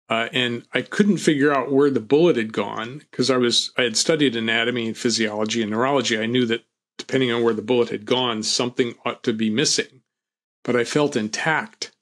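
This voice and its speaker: A man telling his own story as an interview guest, reflective and calm with a wry humor. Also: medium pitch. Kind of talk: personal storytelling.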